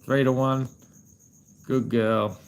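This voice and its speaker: A man's voice: mid-range voice, flat delivery, takes it slowly, smooth, rough recording. An Australian man chatting casually on a live stream, rambling, swearing heavily and calling viewers man and brother.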